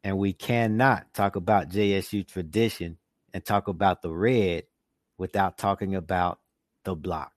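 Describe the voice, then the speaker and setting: A man's voice: low voice, fairly even intonation, a little slow, no room sound, studio quality. A man interviewing guests, asking brief prompting questions.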